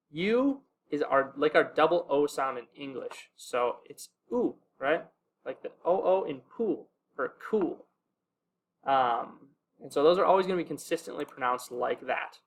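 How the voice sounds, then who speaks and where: A young man teaching a casual video lesson in a relaxed way, with many fillers, slowing down to sound out each example word. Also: on the high side, slight background noise. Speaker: language teacher.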